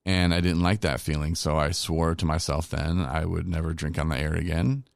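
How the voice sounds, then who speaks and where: A middle-aged man with a very deep voice talks through his past in a loose, candid podcast ramble. He is self-deprecating and wanders off track. The sound is dry and close, with no room around it. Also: flat delivery, normal speed, vocal fry, no echo. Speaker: recovery podcast host. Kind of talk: casual personal storytelling.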